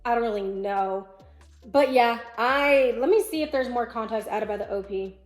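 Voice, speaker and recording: A woman reads online posts aloud and comments, chatty and opinionated. She thinks out loud and sits a touch high. The room is echoey, with faint music underneath. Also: moderate pace. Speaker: vlogger. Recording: roomy echo, faint music.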